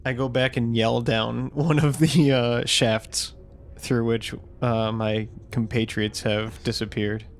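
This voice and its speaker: A young man at a tabletop game speaks slowly and mildly. He jokes with his friends and often laughs through his lines, with faint noise in the background. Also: medium pitch, steady tone. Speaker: player. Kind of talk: casual chat, playing a tabletop game.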